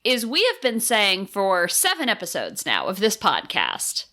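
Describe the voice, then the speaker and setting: A woman co-hosting a podcast in casual chat, animated and playful, drifting into tangents. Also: medium pitch, measured pace. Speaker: podcast co-host.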